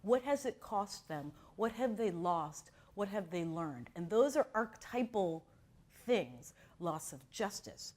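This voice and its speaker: A middle-aged woman from Miami leads an acting class. She talks at an even pace with a lively, swooping pitch, and she keeps breaking into little acted scenes. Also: measured pace. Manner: expressive storyteller who acts out quotes. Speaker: acting teacher. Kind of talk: animated class talk with acted-out anecdotes.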